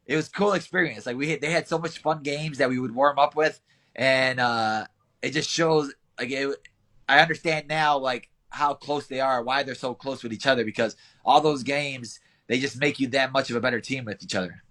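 A man's voice: medium pitch, moderate pace. A young man, an interviewed fighter, answering casually, laughing often and telling stories. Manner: relaxed, laughs often, storytelling with acted quotes.

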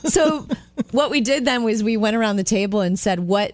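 Animated female radio co-host. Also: fairly high pitch, moderate pace, no echo. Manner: animated storyteller, acts out quoted voices. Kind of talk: morning radio chat and storytelling.

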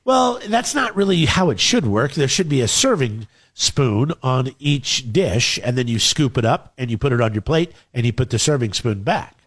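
A man's voice: medium pitch, very animated, moderate pace, hardly any pauses, fairly bright tone, slightly rough. A man with a mid-range voice bantering casually as a co-host. He teases and keeps pressing with probing questions.

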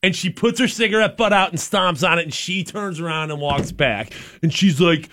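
A man co-hosting a casual podcast, telling a story with animated energy and loudly acting out his own yelling. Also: fairly high pitch, a little fast, hardly any pauses. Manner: animated, acts out his own shouting in stories. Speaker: podcast co-host.

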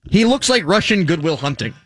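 A man hosting a sports radio show, joking around with his co-hosts and reading quick promos. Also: fairly high pitch, very animated, no echo, studio quality. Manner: joking, quick riffing, reads segment promos. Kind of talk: casual sports radio banter.

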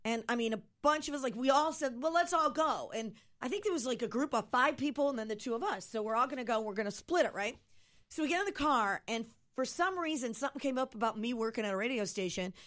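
A woman's voice: a little high, quick pace. A woman from Ohio co-hosting a radio talk show, telling stories in a casual chat and acting out the quoted lines. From Ohio, USA. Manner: animated, acts out quoted dialogue.

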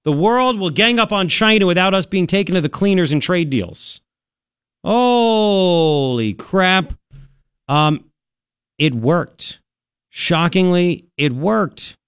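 A man hosting a talk radio show, giving sarcastic and animated commentary from a studio. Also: normal speed, few pauses, no room sound. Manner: sarcastic, animated, jumps between high and low tones. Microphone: studio mic.

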